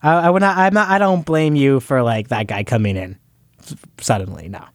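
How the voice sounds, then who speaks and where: A man's voice: medium pitch, fairly even intonation, brisk, no room sound, clean studio sound. A man being interviewed, talking in a hesitant, self-conscious way with many restarts. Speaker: interview guest. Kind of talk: conversational interview.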